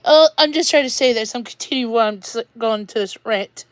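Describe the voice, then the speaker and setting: A woman with a high voice rants to her viewers, upset and near tears. She stops and restarts her sentences as she talks. The sound is dry and close. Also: brisk, dry recording. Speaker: vlogger. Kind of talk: emotional rant to camera.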